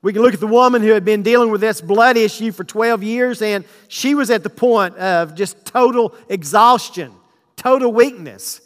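A man preaching a sermon, reading scripture verses slowly and then explaining them with emphasis. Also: sits high. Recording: long hall reverb.

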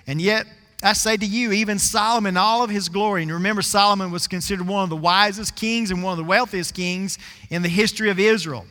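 A man's voice: high voice, fairly quick, sharp tone, big-room sound. A man preaching a sermon, telling a folksy story and stretching out scripture words for emphasis.

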